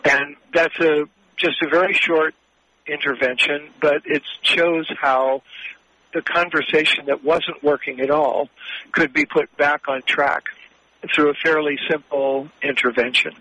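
A man working as a mediator, answering interview questions in a measured, explanatory way with frequent hesitations. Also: on the high side, steady tone, pushed and bright, rough recording.

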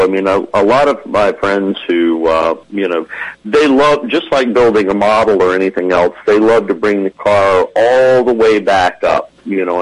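A man's voice: low-pitched, low-quality recording. A man from the American South co-hosting a radio car show, talking in a rambling, folksy way and laughing easily. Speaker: co-host. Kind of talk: casual radio chat.

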